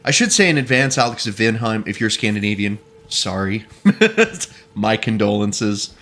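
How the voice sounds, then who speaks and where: A man's voice: lowish voice, sing-song, moderate pace, sharp tone, soft background music. A man streaming a video game, chatting casually and joking with his viewers, often breaking into laughter. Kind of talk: casual gaming commentary.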